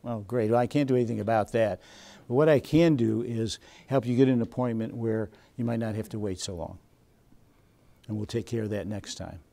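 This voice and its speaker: A man's voice: fairly low pitch, brisk, vocal fry, dark tone. A man presenting a seminar, quizzing his audience and acting out scenes with them. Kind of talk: interactive seminar teaching.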